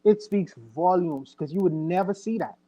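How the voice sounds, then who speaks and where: A man's voice: high voice, normal speed, mellow, highs cut off. A man on a casual podcast livestream who talks in a rambling, earnest way and keeps correcting himself.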